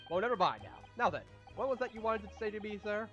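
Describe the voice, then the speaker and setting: A man puts on a grandiose Victorian detective from a game, breezy and theatrical, with a pitch that leaps about. The stream audio is dull and lo-fi, and faint game music plays beneath. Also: big pitch swings, quick pace, fairly bright tone. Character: flamboyant brash male Victorian detective.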